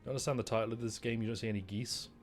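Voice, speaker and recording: A man's voice: medium pitch, steady tone, very fast, soft background music. Wry British man streaming a game. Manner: wry, mock-indignant, reads game dialogue aloud. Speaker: gaming streamer. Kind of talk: casual gameplay commentary.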